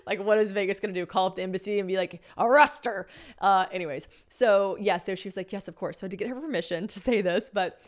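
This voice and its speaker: Animated, swearing woman podcast host. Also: mid-range voice, quick pace, hardly any pauses. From United States. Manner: animated, swears freely, acts out other people's lines. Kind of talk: casual solo podcast storytelling.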